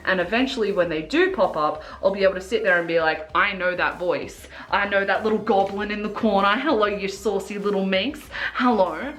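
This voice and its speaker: A woman's voice: mid-range voice, fairly bright tone. Rambling young woman makeup vlogger. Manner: rambling and chaotic, with many fillers and restarts; earnest and self-reflective. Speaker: beauty vlogger. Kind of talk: casual confessional chat while doing makeup.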